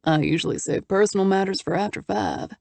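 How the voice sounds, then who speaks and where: A woman voicing a confident, wry businessman with a Texas accent and a deep baritone in an audiobook. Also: fairly quick, creaky, darkish tone, no room sound. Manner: easygoing, wry drawl. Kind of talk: audiobook character voice.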